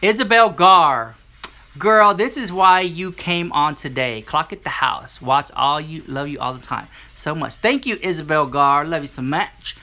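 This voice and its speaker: Bright, sassy man telling a story. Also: fairly high pitch, a little slow. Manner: animated and sassy, acts out other people's lines. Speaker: live-stream host. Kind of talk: casual storytelling to a live chat.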